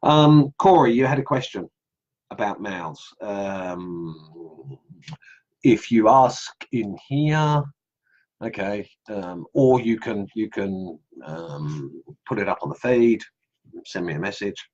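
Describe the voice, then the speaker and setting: Deep husky aussie-english guy on a live stream, rambly, lots of ums, dull lo-fi mic sound. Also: animated, slow pace, darkish tone. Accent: Australian with English traces. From England. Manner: rambling, many ums, reads comments aloud. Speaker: online group host. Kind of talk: casual live stream chat. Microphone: computer mic on live stream.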